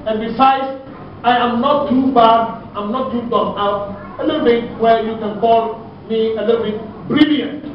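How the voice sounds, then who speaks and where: High-voiced man preaching in an echoey hall. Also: far from the mic, noisy background. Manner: conversational, animated, with drawn-out emphasis. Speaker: Islamic preacher. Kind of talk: storytelling sermon. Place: lecture hall. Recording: echoey, muffled hall recording from afar.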